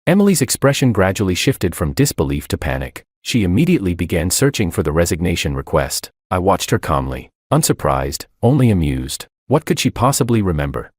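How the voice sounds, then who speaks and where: A man narrates a first-person drama audiobook in a very low voice. His delivery is calm and measured with a bitter undertone, yet his pitch moves a lot. It is recorded close and dry, with no room sound. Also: no room sound.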